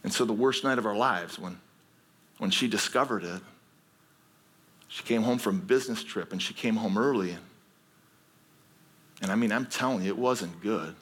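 Pastor, male, sermon delivery: bright, husky tone, earnest storytelling that builds to emphatic appeals. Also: on the low side, moderate pace, long pauses.

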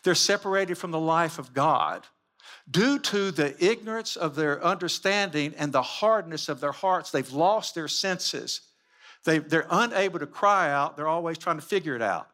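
Guy preaching from slides, kinda high voice, hammering questions over and over. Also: expressive, moderate pace, pushed and bright. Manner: emphatic, piles up rhetorical questions. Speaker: Christian teacher. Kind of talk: sermon-style teaching with slides.

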